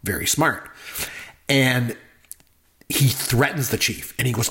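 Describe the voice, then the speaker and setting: A man's voice: medium pitch, slow pace, gravelly, bright, forceful tone. A man co-hosting a casual movie talk, enthusiastic and rambling, with lots of fillers. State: married. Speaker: podcast co-host.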